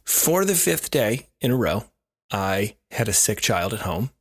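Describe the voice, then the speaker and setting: A man's voice: fairly low pitch, sing-song, a little slow, breathy edge. A man co-hosting a podcast, telling a self-deprecating story in a wry, casual way. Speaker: podcast co-host.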